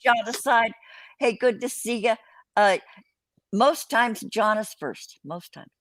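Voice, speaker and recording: A woman's voice: a little high, slow, a bit bright, dry recording. An older woman hosting a casual live-stream chat, rambling and swearing freely as she greets viewers. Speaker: host.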